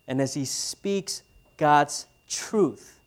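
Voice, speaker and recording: Man in his thirties, pastor delivering a relaxed, chatty sermon with questions to the room. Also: a little high, drawn-out words. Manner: conversational, asks the audience questions.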